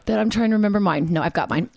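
An excitable woman host chatting casually, her voice landing at an ordinary middle pitch. She laughs easily and gets openly emotional. The recording is dry and close, with no room sound. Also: fast talker, slightly rough, dry recording. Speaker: podcast host. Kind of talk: casual chat.

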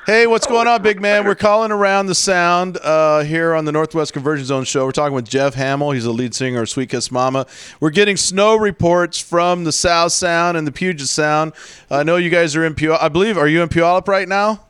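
A man's voice: on the high side, fairly even intonation, brisk, fairly bright tone, clear, resonant tone, no room sound, clean studio sound. A man hosting a radio show, upbeat and laughing through casual banter.

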